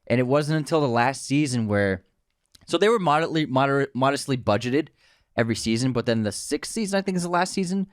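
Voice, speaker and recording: A man co-hosting a casual film podcast, chatty and quick to tell anecdotes. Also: medium pitch, lively intonation, smooth, no echo, studio quality. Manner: chatty, tells anecdotes with laughs. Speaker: podcast co-host.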